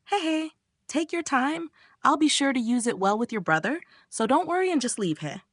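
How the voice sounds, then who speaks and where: A woman voicing a brazen young woman who teases and pushes in a high, mocking voice. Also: very animated, normal speed, a bit bright, no echo. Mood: teasing.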